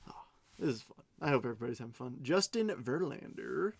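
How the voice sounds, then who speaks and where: A man hosting a live card-opening stream in a relaxed, unhurried way. He chats casually, reads out names one after another, and drops playful, self-mocking jokes between cards. His voice sits in an ordinary middle pitch for a man. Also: vocal fry, slightly rough. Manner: chatty and unhurried, reading out names as he goes. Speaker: card break host.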